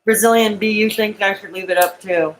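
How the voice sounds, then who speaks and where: This woman's mid-range voice stays fairly even and runs a little fast as she addresses her live-stream chat. It's an emotional monologue, rambling and distraught, with moments of tears and bitter laughter between thoughts. The low-quality recording carries slight background noise.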